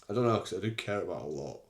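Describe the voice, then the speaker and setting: A young man hosting a podcast, talking candidly and bluntly in a casual solo monologue, with the odd swear word. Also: low-pitched. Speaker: podcast host.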